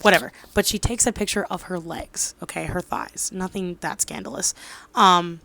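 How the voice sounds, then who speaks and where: A woman's voice: lowish voice, moderate pace, vocal fry, sharp tone, no room sound. A woman in her twenties casually recapping a drama, rambling with lots of fillers and losing track of details. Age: 20s. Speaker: drama reviewer.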